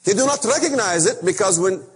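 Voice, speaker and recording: A man preaching an impassioned sermon, emphatic and repetitive in a husky voice. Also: high-pitched, expressive, fairly quick. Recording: echoey hall.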